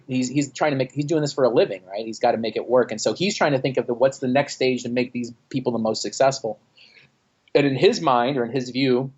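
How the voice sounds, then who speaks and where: In a casual interview over an internet call, an Austin, Texas man who used to front a band tells stories, cursing and acting out what people said with animation. His voice sits in the mid-range, and the sound is lo-fi.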